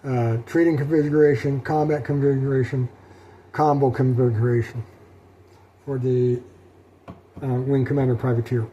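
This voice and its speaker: A middle-aged man talking through his solo tabletop role-playing session in a rambling, halting way, with many fillers and restarts. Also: medium pitch, steady tone, mellow, muffled recording, a little hiss or hum. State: sleepy, yawning. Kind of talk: rambling casual talk.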